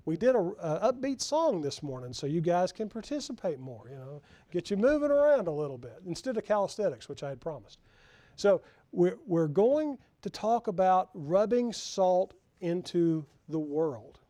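Conversational pastor preaching a sermon. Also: male voice, high voice, big pitch swings, moderate pace, dark tone, no echo. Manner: conversational, asks the congregation questions.

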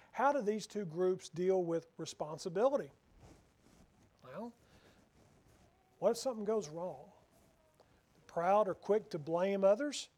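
High-voiced man preaching a sermon. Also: a little mellow. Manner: reads scripture slowly, acts out quoted voices.

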